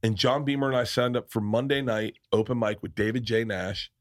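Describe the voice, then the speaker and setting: A man's voice: medium pitch, fairly even intonation, fairly quick. Rambling man telling stories as podcast host. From American South. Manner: rambling, restarts often, swears freely. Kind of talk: casual storytelling chat.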